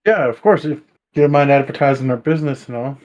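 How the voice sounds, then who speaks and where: A man's voice: mid-range voice, fast, a little mellow. A man playing a tabletop game in a laid-back, easygoing way. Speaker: player. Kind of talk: tabletop game role-play. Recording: dull lo-fi sound.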